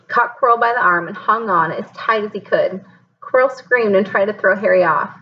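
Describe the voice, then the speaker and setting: A woman reading a novel aloud in an expressive, dramatic way. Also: mid-range voice, dull audio, a little hiss or hum. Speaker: audiobook reader.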